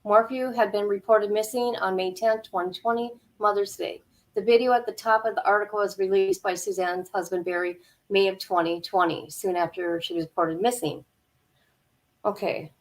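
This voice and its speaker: Shaken woman reading news with halting fillers. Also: mid-range voice, steady tone. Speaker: channel host. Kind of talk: casual commentary, reading news aloud.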